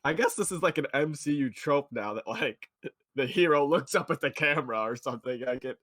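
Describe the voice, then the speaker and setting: A man's voice: mid-range voice, lively intonation, fairly quick, a bit bright, dry recording. A man co-hosting a podcast, retelling a TV episode in loose, rambling casual chat. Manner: loose and rambling, retelling scenes with quoted voices. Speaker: podcast co-host.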